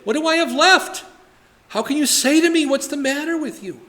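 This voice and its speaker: A man's voice: very high-pitched, normal speed, pushed and bright, pitched above the performer's own voice. A man reading out the lines of an aggrieved man who has been robbed of his idols, in an indignant, pleading tone.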